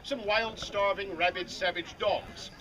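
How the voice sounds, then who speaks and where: On an outdoor fair stage, a street performer does a comedy show, bantering with and teasing audience volunteers before a large crowd. His high voice is unhurried with fairly even intonation, and the recording is very noisy with loud crowd sound.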